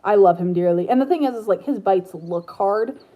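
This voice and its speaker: A woman's voice: mid-range voice, normal speed, phone-quality sound. Chatty woman baby-talking to her parrot. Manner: chatty, rambling, with baby talk to her pet. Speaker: parrot owner vlogger. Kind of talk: casual chat.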